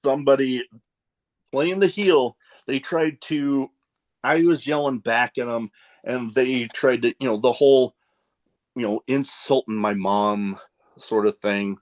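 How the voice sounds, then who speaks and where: A man's voice: mid-range voice, a little slow, darkish tone. A man hosting a podcast, asking questions in a loose, joking way and drifting into tangents. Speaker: podcast host. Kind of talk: casual interview chat.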